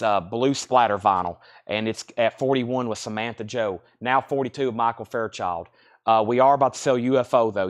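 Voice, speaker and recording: A man with a Southern US accent, hosting a live-stream vinyl sale, reading off bids and describing records in a brisk, chatty way. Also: medium pitch. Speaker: live auction seller.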